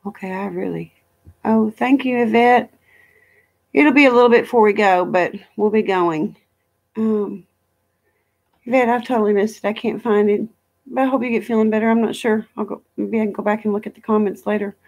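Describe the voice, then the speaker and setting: A woman's voice: mid-range voice, steady tone, moderate pace, creaky, darkish tone. A middle-aged woman chatting casually on a live stream from home, rambling through travel stories and reading viewer comments aloud. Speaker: livestream host.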